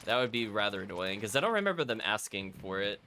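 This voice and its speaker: A man's voice: lowish voice, very animated, fast, pushed and bright, a little hiss or hum. A man streaming a video game, giving casual play-by-play commentary with wry asides to his chat. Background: game music.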